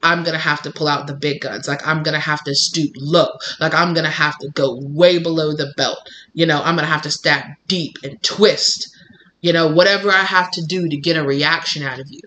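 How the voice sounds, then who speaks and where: A man reads tarot at home in an animated, chatty way, often slipping into the voices of the people he describes. His voice sits a little high and rings bright and forceful. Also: fairly quick, slight background noise, poor audio. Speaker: tarot reader. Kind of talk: casual intuitive tarot reading to camera.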